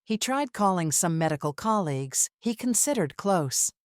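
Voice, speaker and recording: Low-voiced woman reading a story, dry. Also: sing-song, normal speed, no room sound. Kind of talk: scripted narration.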